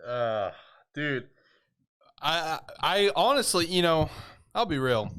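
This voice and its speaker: Lively smooth-voiced man joking casually. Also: fairly high pitch, takes it slowly. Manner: laid-back, joking reactions, says "dude" and "man". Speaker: podcast co-host. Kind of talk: casual anime podcast chat.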